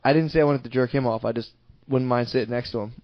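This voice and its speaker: Podcast co-host, male, deadpan and crude, dry close sound with a slightly dull tone. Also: mid-range voice, fast, no room sound. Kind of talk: casual comedic banter.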